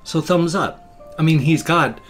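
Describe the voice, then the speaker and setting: A man in his fifties talking casually in a daily vlog, chatty and affectionate, sometimes cooing to a pet or jumping into high squeaky sounds. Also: unhurried, soft background music. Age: 50s. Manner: animated, jumps into high squeaky sound effects. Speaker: vlogger.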